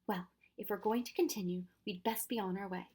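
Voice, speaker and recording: A woman's voice: medium pitch, fairly even intonation, fairly quick, darkish tone, breathy edge. A woman voicing a kindly, fussy older male professor in a storybook reading, with old-fashioned exclamations. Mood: weary.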